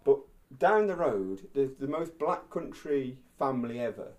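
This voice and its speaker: A man's voice: mid-range voice, expressive, moderate pace, a little mellow. A man hosting a podcast, tipsy, rambling and joking, laughing often between lines. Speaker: podcast host. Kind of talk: casual chat.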